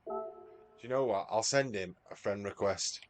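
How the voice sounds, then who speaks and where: Soft music plays behind a Mancunian man commentating his live sim-racing stream and talking with viewers by name. His voice is lowish and his delivery a little slow.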